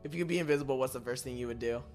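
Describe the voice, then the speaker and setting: A woman's voice: rumbling low, very fast, darkish tone, soft background music. A woman hosting a casual podcast chat, reading out questions and answering bluntly with lots of swearing. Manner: blunt and profane, laughs often. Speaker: podcast host.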